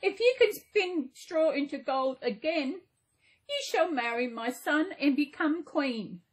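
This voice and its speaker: A woman's voice: high voice, expressive, slow pace. A woman reading aloud and voicing a stern, demanding king in a storybook tale.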